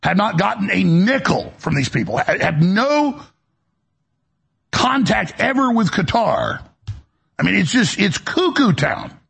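A talk show host delivers a heated political monologue, ranting with stammering restarts in a raspy, gravelly voice. His pitch is high and sing-song, his pace unhurried, and his tone fairly bright.

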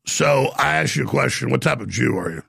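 A man hosts a call-in radio show in a raspy, deeply gravelly voice. His pitch swings widely and his delivery is emphatic. The sound is dry and close. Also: brisk, no room sound. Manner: animated, forceful, emphatic. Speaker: talk radio host.

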